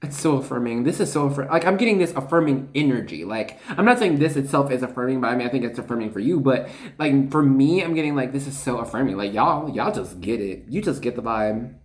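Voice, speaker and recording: Excitable, chatty tarot reader in an echoey room. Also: mid-range voice, fast talker, hardly any pauses. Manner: excitable, chatty, full of fillers and asides. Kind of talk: casual spiritual card reading.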